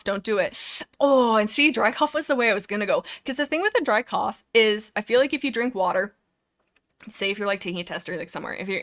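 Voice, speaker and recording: A woman's voice: medium pitch, fairly bright tone. A young woman streaming from home, chatting casually and rambling as she reads and answers viewer comments. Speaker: live streamer.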